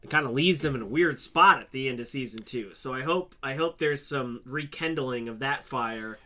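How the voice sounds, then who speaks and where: A man's voice: mid-range voice, sharp tone. A man co-hosting a podcast, chatting casually with lots of fillers and restarts. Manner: halting, many restarts and fillers. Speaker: podcast co-host. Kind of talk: casual chat.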